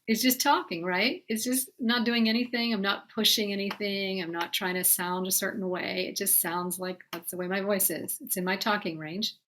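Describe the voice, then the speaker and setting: Woman, voice teacher, patient and explanatory, a mid-pitched speaking voice, stops now and then to sing short demonstrations. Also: steady tone, moderate pace, few pauses, fairly bright tone, slight background noise. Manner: patient, explanatory, talks directly to students. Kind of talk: singing lesson explanation.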